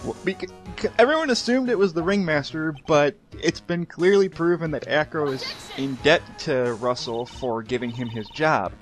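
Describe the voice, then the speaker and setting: A man's voice: a little high, moderate pace, soft background music. Joking young man narrating gameplay. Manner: joking, laughs often, restarts sentences. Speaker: let's play commentator. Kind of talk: casual gameplay commentary.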